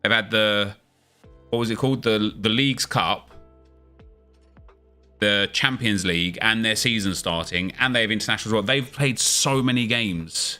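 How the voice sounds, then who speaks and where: A gaming streamer man with a lowish, bright, forceful voice talks casually with his audience. He runs through updates in a loose, chatty way and punches up the energy for his video intros. Faint music plays behind him. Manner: chatty, quick back-and-forth with viewers, hype intro energy. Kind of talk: casual livestream chat and upbeat video intro.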